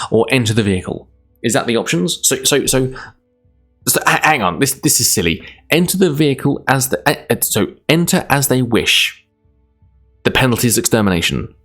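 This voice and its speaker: A man's voice: mid-range voice, fairly bright tone. A Scottish man streaming live, reading a gamebook aloud in a chatty, self-deprecating way, laughing often.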